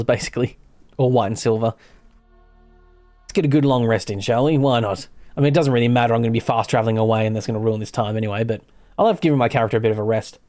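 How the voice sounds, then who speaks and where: A man's voice: medium pitch, darkish tone. An Australian man chatting casually while streaming a game live, rambling and correcting himself, with the odd swear. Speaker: gaming streamer. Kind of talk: casual live gameplay commentary.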